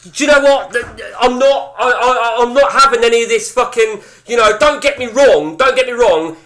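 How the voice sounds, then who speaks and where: Male streamer, high and bright-toned; blunt, rambling, profane live-chat banter. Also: moderate pace. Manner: rambling, blunt and heavily sweary. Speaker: game streamer chatting with viewers. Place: indoors at home.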